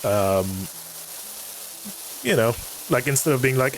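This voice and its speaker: A man rants in casual livestream chat, swearing often and padding with fillers. His pitch sits in the middle range. A faint noise runs underneath. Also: moderate pace, low-quality recording. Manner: ranting, heavy swearing, many fillers. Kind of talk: casual chat while gaming.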